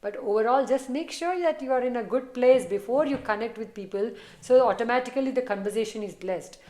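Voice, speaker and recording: A woman giving a casual, encouraging tarot reading to camera on a phone, sometimes dropping to soft murmurs. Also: on the high side, fairly quick, roomy sound. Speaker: tarot reader.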